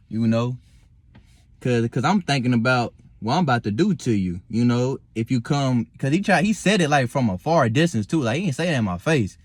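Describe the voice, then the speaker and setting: A young man talks to camera from his car at night, loose and rambling, full of fillers and restarts. He stays calm and reflective and swears freely. His voice sits at a middle pitch and sounds dry and close. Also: no echo. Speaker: vlogger. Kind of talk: casual talk to camera.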